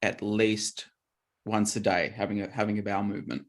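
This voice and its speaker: A man's voice: on the low side, little pitch movement, fairly quick. A man co-hosting a casual chat about diet, talking loosely and often restarting his sentences. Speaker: co-host.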